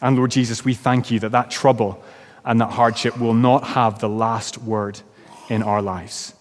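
A man's voice: medium pitch, level tone, unhurried. A man preaching a sermon as pastor, then leading a closing prayer. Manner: reads a story aloud with rising, shouted quotes. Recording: long reverb of a church hall.

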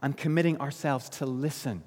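Preacher from Northern Ireland in a hall. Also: male voice, fairly even intonation, darkish tone. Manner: earnest, slows and drops low on key phrases. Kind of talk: sermon. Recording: long hall reverb.

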